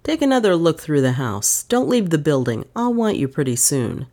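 A woman's voice: sits low, very animated, moderate pace, mellow. A woman voicing a male detective who speaks coldly and stolidly. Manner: cold, stolid. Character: cold, passionless male detective.

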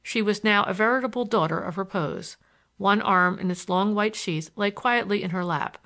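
A woman reading a first-person novel aloud in a measured, even storytelling manner. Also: medium pitch. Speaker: audiobook reader.

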